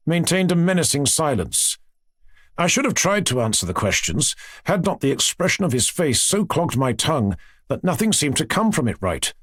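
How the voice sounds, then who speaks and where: Expressive male audiobook narrator. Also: a little high, breathy edge, dry recording, clean studio sound. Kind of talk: scripted narration.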